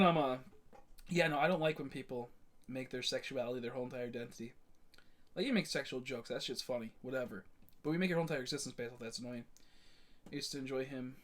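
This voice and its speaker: A man's voice: on the high side, a bit bright. A young man streaming a game, chatting casually to viewers in a rambling, blunt way, full of fillers and restarts. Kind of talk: casual live-stream chat.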